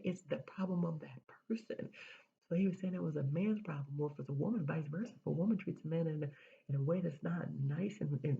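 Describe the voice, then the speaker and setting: Woman spiritual speaker with a very husky voice, emphatic and repetitive, slipping into whispers; lo-fi recording. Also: on the low side, warm tone. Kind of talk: spiritual motivational monologue.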